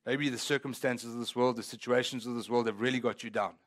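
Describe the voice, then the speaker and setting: A man's voice: medium pitch, steady tone, fast. A man pastor preaching a sermon in a church, talking conversationally and rising into emphatic swells.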